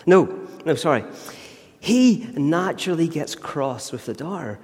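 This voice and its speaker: A man's voice: a little high, sing-song, moderate pace, darkish tone. A man preaching a sermon, telling a story earnestly and emphatically. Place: church. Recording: long church reverb.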